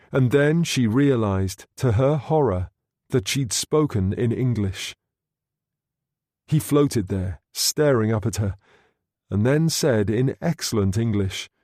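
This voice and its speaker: A man narrating an audiobook in a measured, steady reading. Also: medium pitch, no echo, studio quality. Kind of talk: scripted narration.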